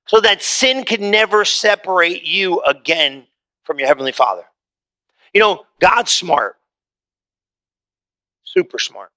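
A man preaching a sermon as pastor, swinging from forceful lines to hushed ones and repeating words as he builds. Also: sits high.

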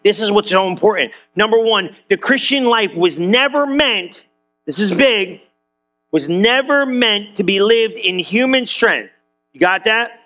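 A man preaching, his voice high and bright. He keeps tossing questions back to the congregation as he goes, in a loose, talky sermon style. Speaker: pastor.

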